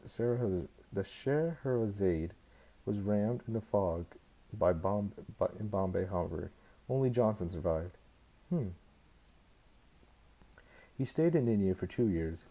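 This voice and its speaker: A man's voice: fairly low pitch, warm tone, rough recording. A man reading a novel aloud as a fan, unpolished, stumbling over words and restarting lines. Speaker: amateur audiobook reader.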